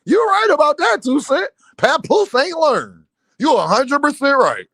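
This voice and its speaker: A man's voice: very high voice, sing-song, a little slow, a bit bright, no room sound. A man hosting a livestream, teasing and trash-talking chat members with frequent laughter. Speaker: livestream host. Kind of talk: casual livestream banter.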